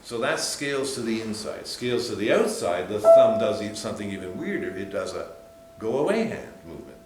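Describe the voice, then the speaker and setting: A man teaching a piano workshop, explaining hand movements while demonstrating at the piano and breaking into sudden high exclamations. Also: sing-song, a little fast. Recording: echoey room with loud piano. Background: piano playing.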